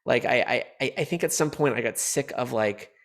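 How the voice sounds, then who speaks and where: A man's voice: medium pitch, fairly quick. A male comedian, a guest on a podcast, talking in a playful, rambling way and laughing often. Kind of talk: casual podcast chat.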